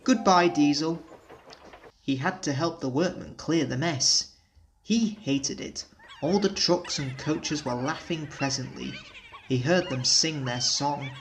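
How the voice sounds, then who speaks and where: A man reading a children's storybook aloud in a measured, plain narrating voice. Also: medium pitch, fairly bright tone, a little hiss or hum. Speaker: storybook reader.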